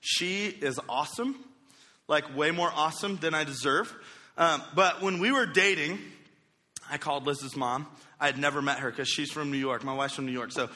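In an echoey church hall, a man in his thirties tells a goofy, self-deprecating story from his time as a youth pastor. His voice sits fairly high, moves at a normal speed, and has a sharp edge, fitting a storytelling sermon.

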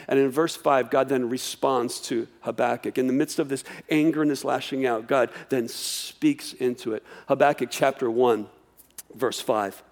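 A man preaching a sermon, animated, often restarting and repeating words as he acts out a dialogue. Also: fairly high pitch. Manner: animated, acts out voices of God and the prophet. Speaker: pastor.

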